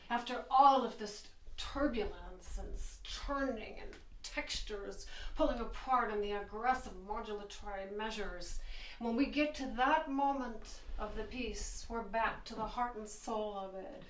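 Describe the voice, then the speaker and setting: A woman's voice: fairly high pitch, measured pace. A woman piano teacher explaining a piece as she plays, enthusiastic, counting beats and singing phrases aloud. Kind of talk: teaching while playing piano. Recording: roomy, mic at a distance. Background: piano playing.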